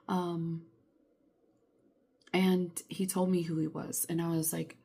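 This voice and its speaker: A young woman vlogs from her bedroom in an exasperated rant, swearing a lot and filling her talk with "like." Her low-leaning voice is expressive and unhurried with long pauses, dark in tone with a breathy edge.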